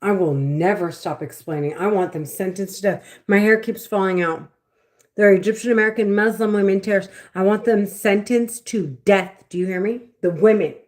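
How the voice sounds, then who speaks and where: A woman speaking in an agitated, repetitive monologue, swinging between fast bursts and low mutters. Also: darkish tone. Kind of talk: casual monologue to camera.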